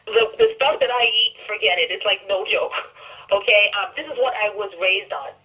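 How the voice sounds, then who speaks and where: New female caller, emphatic and excitable, forceful tone, distant phone-line sound. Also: a little high. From New York. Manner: enthusiastic, emphatic, talks in bursts. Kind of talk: emotional testimonial call.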